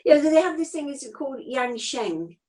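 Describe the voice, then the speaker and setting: A woman's voice: high voice, steady tone, rapid-fire, dark tone, rough recording. A woman in her fifties, a straight-talking acupuncturist chatting as a guest in an interview, explaining things with homely everyday comparisons. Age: 50s. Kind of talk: casual interview chat.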